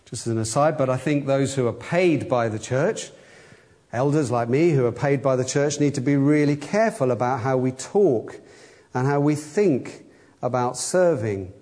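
A man's voice: mid-range voice, normal speed, warm tone. A middle-aged man, a church elder, giving a conversational sermon with wry humor and acted-out quotes.

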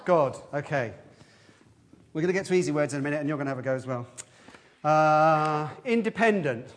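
A man giving a lively, interactive children's talk in a church service, quizzing the children as he goes. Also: on the high side, a little hiss or hum. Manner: lively, questioning the children, quick asides.

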